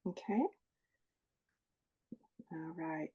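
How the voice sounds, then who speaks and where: A woman's voice: low voice, fairly even intonation, drawn-out words, slightly rough, muffled recording. A woman presenting to a group over a video call, talking in a chatty way, often correcting herself and apologizing. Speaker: presenter of a support group session. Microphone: earbuds with a phone.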